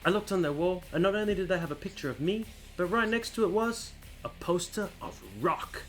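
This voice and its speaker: A man's voice: high-pitched, brisk, faint music behind, voice pushed up, close to an everyday voice, poor audio. A man doing an accented voice for a boastful wrestler who taunts his rival. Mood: taunting. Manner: swaggering taunts.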